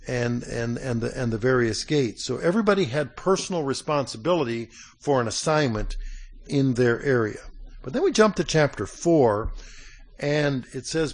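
Man preaching, conversational, clears throat. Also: mid-range voice. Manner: reads scripture aloud slowly. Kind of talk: sermon.

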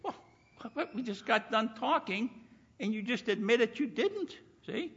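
A man's voice: extremely high pitch, animated, measured pace, fairly bright tone, breathy edge. A man preaching a sermon in an emphatic way, repeating "you see" and acting out the people he quotes, recorded in a muffled hall with long reverb.

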